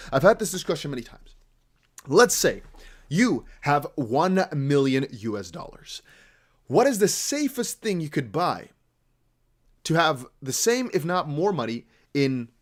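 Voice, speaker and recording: Crypto streamer, male, from the Netherlands, near-American accent, lively swinging delivery, loose off-the-cuff chatter. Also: medium pitch. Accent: American-sounding English with slight Dutch traces. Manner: rambling, animated, talks to chat. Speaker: crypto livestream host. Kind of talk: casual livestream chat.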